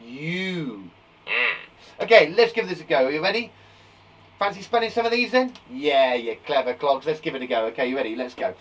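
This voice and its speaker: A man teaching a live phonics lesson to young children from a garden shed, upbeat and encouraging, sounding out words slowly. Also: a little high, very animated, fairly bright tone, far from the mic, poor audio. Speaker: primary school teacher.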